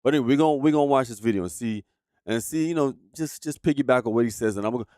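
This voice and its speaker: A man's voice: mid-range voice, very fast, a little mellow, no echo, clean studio sound. A man streaming live, talking heatedly and profanely to his chat as he reacts to a video. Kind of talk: casual livestream commentary.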